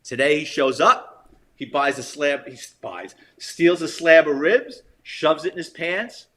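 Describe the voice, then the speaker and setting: A man voicing his gruff middle-aged butcher father, telling a story bluntly and with swearing. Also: fairly high pitch, measured pace, fairly bright tone.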